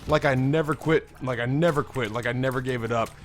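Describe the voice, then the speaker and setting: A hoarse young man hosting a let's play, commentating in a rambling, candid way and swearing freely. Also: mid-range voice, brisk, slight background noise. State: hoarse, strained voice. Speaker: gaming video host.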